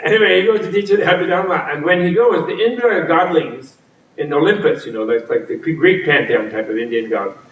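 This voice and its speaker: A man's voice: fairly high pitch, a little fast, a little hiss or hum. A man giving a humorous talk as a teacher, with playful storytelling and frequent laughter, at a retreat center hall. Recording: roomy, from a distance.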